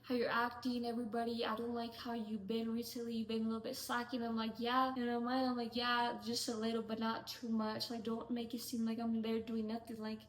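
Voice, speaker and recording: A woman's voice: fairly high pitch, monotone. A young woman vlogger telling a storytime rant about her coworkers, exasperated and chatty, with lots of "like"s. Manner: exasperated, fast and chatty, many "like"s. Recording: echoey room.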